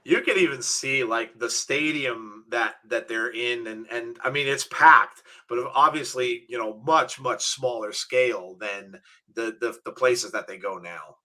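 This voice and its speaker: A man co-hosting a wrestling watch-along, calling the action play by play and chatting casually, shouting at the big moments. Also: medium pitch, a little slow. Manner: excitable, calls the action and shouts at big moves. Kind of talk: live play-by-play and casual chat.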